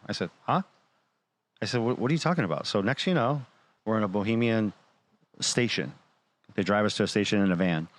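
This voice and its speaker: Low-voiced man telling a wild story. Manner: animated retelling, acting out quoted dialogue; blunt, swears freely. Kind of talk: casual storytelling.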